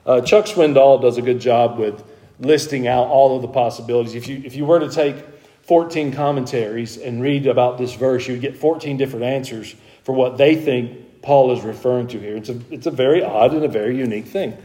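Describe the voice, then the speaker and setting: A man's voice: mid-range voice, brisk, dark tone. A man teaching a Bible study to a group in a conversational way, talking with the class and growing more emphatic as he explains the passage.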